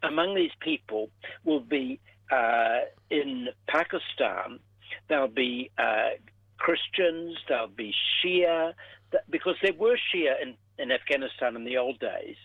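An older man, a professor emeritus, explaining a topic to a radio host in a measured way with pauses, heard over the phone. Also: medium pitch, sing-song, gravelly, dry recording. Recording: tinny phone line.

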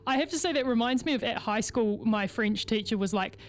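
A woman hosting a radio interview, conversational and quick to laugh. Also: on the high side. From New Zealand. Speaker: radio host.

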